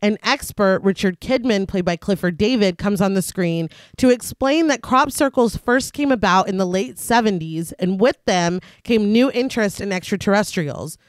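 A woman's voice: medium pitch, normal speed, hardly any pauses, dry recording, clean studio sound. A woman co-host of a podcast, narrating a film's plot in a casual recap and laughing often.

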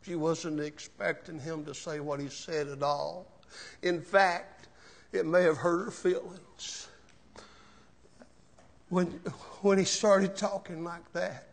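A man preaching a sermon as pastor, slow and emotional, with rising shouted cries and repeated words. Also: a little high, fairly even intonation, creaky. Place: church sanctuary.

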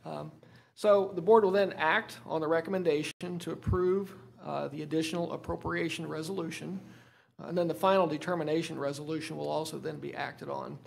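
A man's voice: fairly high pitch, fairly even intonation, fairly quick, vocal fry. A man, a school superintendent who says he is losing his voice, presenting items at a school board meeting with many filler words and restarts. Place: meeting room.

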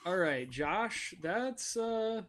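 A man's voice: high voice, sing-song, extremely slow, fairly bright tone. A man from Virginia narrating as game master of a tabletop game, rambling and self-mocking.

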